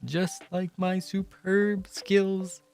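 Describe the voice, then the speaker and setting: A man voicing a cheery, encouraging middle-aged uncle who speaks slowly and loudly, drawing out each phrase. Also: high voice, level tone, creaky, soft background music, heavily acted. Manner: slow, loud, drawn-out encouragement.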